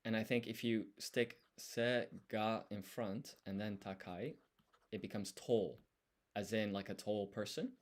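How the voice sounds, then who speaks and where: A man's voice: fairly low pitch, unhurried. A man streaming his language study, talking himself through each step as he writes. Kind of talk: thinking aloud while writing.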